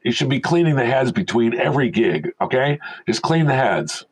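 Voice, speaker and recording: A man's voice: medium pitch, moderate pace, few pauses, husky, low-quality recording. An older man, a veteran film sound mixer, telling stories casually as an interview guest and animatedly acting out the people in them. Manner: animated storyteller who acts out quoted voices.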